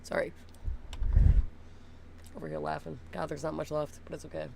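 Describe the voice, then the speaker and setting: A young woman chatting casually with viewers, blunt and swearing, laughing often, cooing softly at her dogs. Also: deep voice, completely flat delivery, moderate pace, gravelly, background noise. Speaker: streamer.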